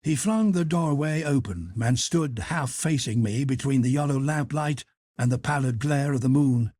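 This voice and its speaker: A man with a medium-pitched voice narrates an audiobook from a script, telling the story in a measured, even manner. There's no room sound.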